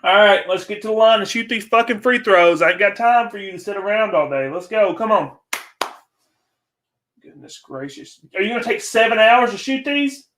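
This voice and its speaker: A man's voice: sits high, lively intonation, a little fast, few pauses, a bit bright. A young man hosting a casual livestream, ranting and swearing in frustration while chatting with viewers. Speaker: livestream host.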